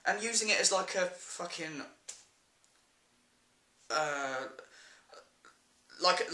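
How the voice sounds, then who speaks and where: Man, English accent, ranting vlogger, blunt and sweary, very bright voice, echoey room. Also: high voice. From England. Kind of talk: ranting vlog.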